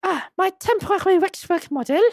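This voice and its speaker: A woman's voice: extremely high pitch, a little fast, dry recording, pitched above the performer's own voice. A woman voicing a genteel, formal woman museum curator who speaks politely and a little apologetically.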